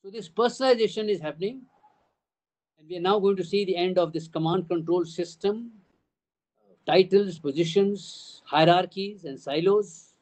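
An older man with an Indian English accent addresses a room of parents, his voice pitched high. He talks emphatically, listing ideas in repeated phrases and throwing out rhetorical questions. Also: normal speed, a little mellow, rough recording. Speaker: school trust CEO addressing parents. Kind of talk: town hall address.

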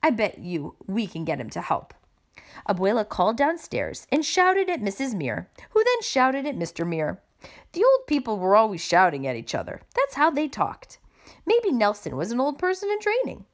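A woman reading a children's picture book aloud with expressive narration. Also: fairly high pitch, normal speed. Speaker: storybook reader.

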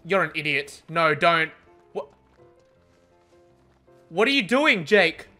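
Young male streamer, rowdy gameplay commentary, animated pitch, bright tone. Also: slow, faint music behind. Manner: excitable, swearing, laughing often. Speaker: gaming streamer.

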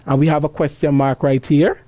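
A woman's voice: deep voice, fairly even intonation, dark tone, no room sound. A woman teaching a class lesson, asking questions and answering them herself. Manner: slow, deliberate, asks questions and answers them; reads passages aloud with expression.

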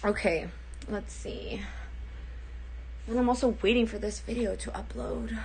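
A woman's voice: on the high side, measured pace, a little mellow, slight background noise. A young woman livestreaming casually, chatty, giggly and self-deprecating.

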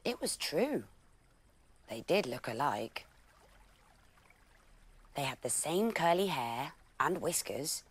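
A woman presenting a bedtime story for children, reading it aloud gently and expressively. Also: extremely low pitch, lively intonation, slow pace, pauses often, husky.

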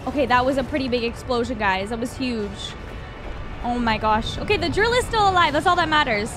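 A woman hosting a reaction video, excitable, gasping often and talking to her viewers as she watches an animation. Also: high voice, brisk, music in the background.

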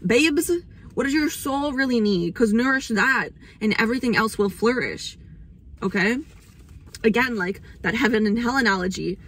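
A slightly rough, somewhat high voice belongs to a young woman hosting an astrology channel. She rambles casually through spiritual topics, curses freely, and gets emotional at times.

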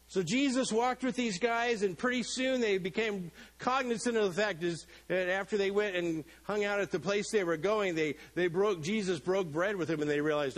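A man's voice: high-pitched, normal speed, low-quality recording. A middle-aged male pastor preaching a sermon in a church, joking and acting out the people in the story. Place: church sanctuary.

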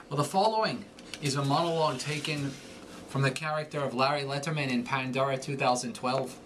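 A man teaching an accent lesson, explaining clearly and methodically. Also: mid-range voice, a bit bright, a little hiss or hum. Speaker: accent coach. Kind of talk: instructional lesson.

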